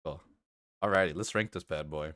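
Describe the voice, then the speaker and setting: A man with a fairly low voice hosts a casual reaction stream. He rambles, hedges and laughs a lot. His mic sounds dry and close. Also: fairly quick, a bit bright, no echo. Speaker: stream host.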